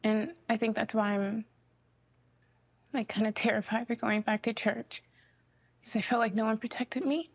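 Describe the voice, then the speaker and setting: A tearful young woman giving an emotional personal testimony, speaking haltingly with many fillers. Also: fairly high pitch, fairly even intonation, no room sound. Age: young adult. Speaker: interviewee.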